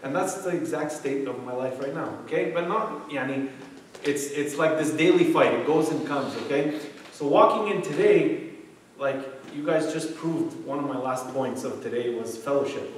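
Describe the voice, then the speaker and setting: A man's voice: medium pitch, normal speed, slight background noise. A man in his thirties giving a casual, joking talk to a youth group, full of "like" and "okay". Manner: chatty, jokey storytelling with frequent "like" and "okay". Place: church meeting room. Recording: echoey room from a distant mic.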